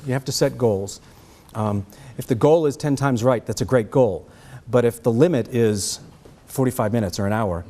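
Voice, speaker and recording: Man, middle-aged, Boston accent, relaxed mellow tone, conversational teacher. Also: mid-range voice. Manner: conversational, checks in with "okay?". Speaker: trumpet teacher giving a master class. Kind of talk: master class teaching, answering questions.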